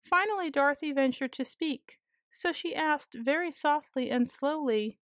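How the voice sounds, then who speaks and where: A woman reading a children's story aloud in a gentle, measured way. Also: high-pitched, no echo, clean studio sound.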